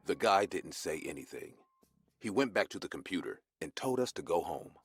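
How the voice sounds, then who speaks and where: A man narrating a scripted horror story in a lively, expressive way. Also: sits low, moderate pace, husky, faint music behind.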